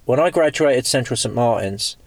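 A man's voice: medium pitch, animated, no room sound. Male co-host, casual and profane, dry close-miked sound. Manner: laid-back, profane, quick agreeing interjections. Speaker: magazine founder and podcast co-host. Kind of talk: casual chat.

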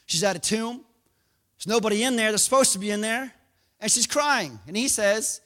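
A man preaching a sermon, telling the story in an animated way and acting out scenes. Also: sits high, a little fast, big-room sound. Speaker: pastor.

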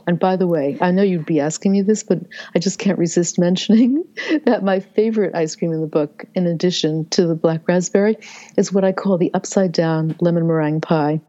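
A woman's voice: lowish voice, dark tone. An older woman, a cookbook author, telling stories with enthusiasm in an interview conversation. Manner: chatty, storytelling, enthusiastic. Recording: dull lo-fi sound.

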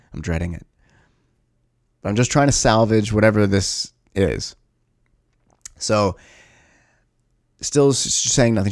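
Gravelly man rambling a story to camera. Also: fairly low pitch, dry recording, clean studio sound. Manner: rambling, self-correcting, profane. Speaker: vlogger.

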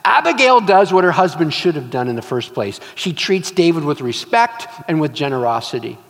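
A man's voice: fairly high pitch, normal speed, vocal fry. A male pastor preaching a sermon, telling stories and acting out scenes with emphatic repetition. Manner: animated storytelling, acts out scenes, emphatic repetition. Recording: long reverb of a large hall.

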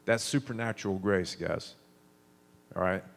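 A man preaching a sermon in a relaxed, conversational way, stopping and restarting as he tells stories. His voice sits a little low. He sounds like he is in his thirties. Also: measured pace, creaky.

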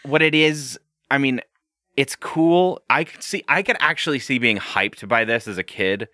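A man co-hosting a podcast in casual, animated chat, swearing and laughing often. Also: medium pitch, moderate pace, no room sound. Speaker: podcast co-host.

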